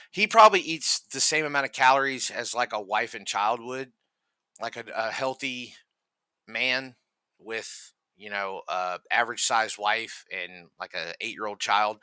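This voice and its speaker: A man's voice: on the low side, sharp tone, clean tone, no echo. A man hosting reaction commentary, ranting furiously and mockingly with constant swearing. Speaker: commentary host.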